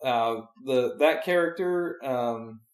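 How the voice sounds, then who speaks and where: A man's voice: medium pitch, takes it slowly. Man, preacher, casual podcast chat, rambling, restarts, roomy echo. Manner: rambling, searching for words with many restarts.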